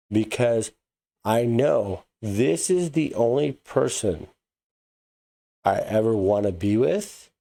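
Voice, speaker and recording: Rambling American man, mellow low voice. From United States. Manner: rambling, repeats words and restarts often. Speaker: reaction video host. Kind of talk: casual commentary.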